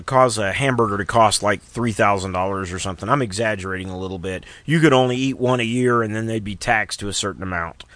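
A man's voice: medium pitch, fairly bright tone, dry recording. A man hosting a radio talk show, chatting casually and telling rambling jokes. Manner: rambling, joking storyteller. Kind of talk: casual on-air chat.

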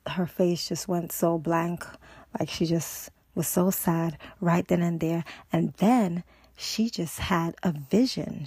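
A woman's voice: lowish voice, mellow, slightly rough, no room sound. A woman podcast host casually retelling a TV episode, rambling with lots of "and so" and "you know".

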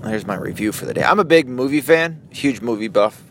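A man in his thirties tells a story in a loose, profane, rambling vlog, laughing often as he goes. His voice sits at an ordinary middle pitch. Traffic and street noise run clearly behind him. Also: expressive, a little fast, a bit bright. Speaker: vlogger, father of an eight-year-old.

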